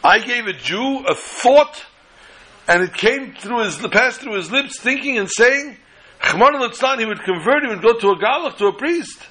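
A man's voice: sits high, normal speed, sharp tone, voice pushed up, rough recording. A man voicing an anguished elderly rabbi who pleads and reproaches himself in a raised, wailing voice within a spoken story. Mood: distraught.

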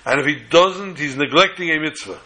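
A man teaching a sermon on the weekly Torah portion in a measured, halting way, often restarting phrases. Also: fairly high pitch, bright, forceful tone, poor audio.

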